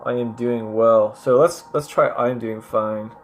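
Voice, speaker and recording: Casual vlogger voice, unhurried, self-questioning, echoes each French phrase; faint music underneath. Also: mid-range voice. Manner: repeats French phrases aloud and thinks out loud. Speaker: language learner vlogger. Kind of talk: casual chat while doing app lessons.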